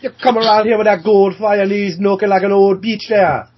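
A man's voice: sits high, fairly even intonation, moderate pace, breathy edge, voice pushed up. A man putting on a brash Jamaican-accented heckler. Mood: scornful. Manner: exaggerated, heckling. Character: brash scornful man mocking a toy. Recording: muffled lo-fi recording.

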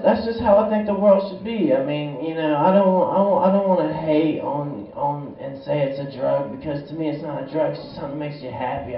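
A young man doing a stand-up comedy set in a small club, rambling and profane with a laid-back stoner delivery. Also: fairly high pitch. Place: small bar or club stage. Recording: echoey room, far from mic, dull lo-fi sound.

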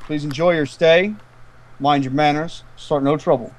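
A man doing a stern town gate guard with a slightly high voice who barks brisk, officious demands. He interrogates travellers and lays down the rules. It is a tabletop game voice. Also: steady tone, lightly acted.

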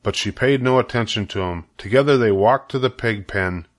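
A man's voice: lowish voice, normal speed. Grandfatherly man reading a storybook aloud. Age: older. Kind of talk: reading a children's book aloud.

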